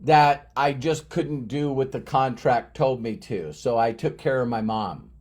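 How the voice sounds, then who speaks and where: A man's voice: medium pitch, measured pace, a little mellow. A middle-aged man giving an emphatic motivational talk to his team, repeating key phrases for effect. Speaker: motivational speaker.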